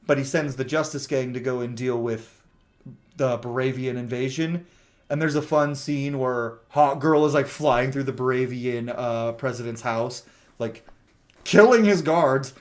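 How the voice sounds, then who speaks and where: A movie reviewer gives a relaxed, rambling plot recap of a film, chatty and heavy with "like" fillers, swearing freely. His voice sits at an everyday mid pitch, and he slips into quick character voices when quoting scenes.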